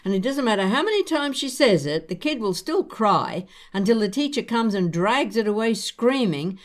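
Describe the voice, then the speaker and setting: Older woman host, animated pitch, gentle and reassuring, casual chat. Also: moderate pace. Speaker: podcast host. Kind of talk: casual chat between old friends.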